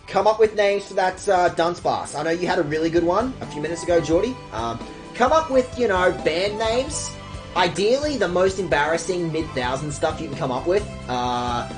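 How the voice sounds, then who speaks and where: A young woman streaming a game, chatting casually with her viewers, sarcastic and quick to swear. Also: on the low side.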